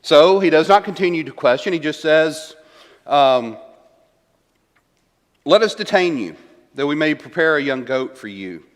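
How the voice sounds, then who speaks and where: A man's voice: a little high, lively intonation, a little slow, pauses often. A man teaching a Bible class in a church room. He retells scripture in a conversational way, repeats key lines and keeps asking "right?". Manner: conversational, asks rhetorical questions, tags lines with "right?"; paraphrases verses and repeats key lines for emphasis. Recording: reverberant church room, long echo.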